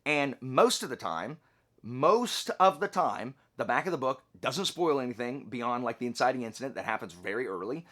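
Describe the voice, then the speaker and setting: A man's voice: mid-range voice, lively intonation, a little fast, few pauses, fairly bright tone. A man hosting a book review channel, talking casually and rambling with asides and restarts. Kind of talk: casual chat to camera.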